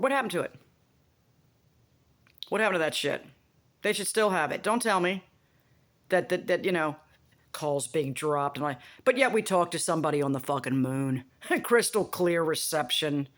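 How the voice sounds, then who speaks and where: A woman talking in a casual, rambling monologue, blunt and profane, often making buzzing sound effects. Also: fairly low pitch. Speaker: vlogger.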